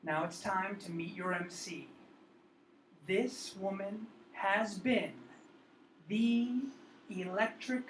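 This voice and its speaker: A man introduces a cabaret host with slow, drawn-out announcing that builds up hype. He sounds far from the mic in an echoey room, with faint ambience behind him. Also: sits high, fairly even intonation, a bit bright, slight background noise. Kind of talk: stage introduction.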